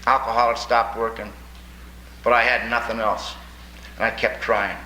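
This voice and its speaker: A man's voice: fairly low pitch, flat delivery, normal speed, bright, forceful tone. An older man sharing his recovery story with an audience, plainspoken and folksy with wry humor. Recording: echoey room with faint noise.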